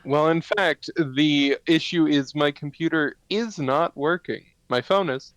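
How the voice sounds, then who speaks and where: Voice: mid-range voice, unhurried, no echo, dull audio. A tabletop player introducing themselves plainly and matter-of-factly. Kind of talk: casual chat.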